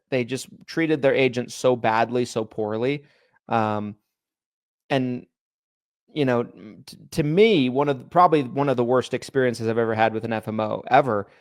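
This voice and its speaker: A podcast co-host with a medium-pitched voice chats casually, animatedly acting out the people he quotes in his stories. The audio is studio quality, with no echo.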